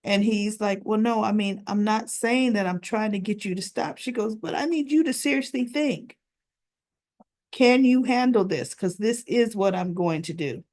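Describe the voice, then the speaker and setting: A woman's voice: mid-range voice, normal speed, a little mellow. A woman casually recapping a soap opera episode, retelling the scenes line by line with lots of "she goes" and "right?".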